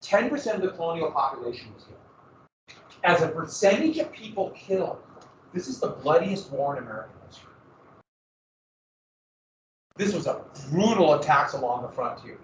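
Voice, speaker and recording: A man's voice: fairly high pitch, sing-song, brisk, distant mic, a little hiss or hum. A man teaching a history class in a casual lecture, with joking asides and dramatic emphasis. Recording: echoey, muffled classroom recording from afar.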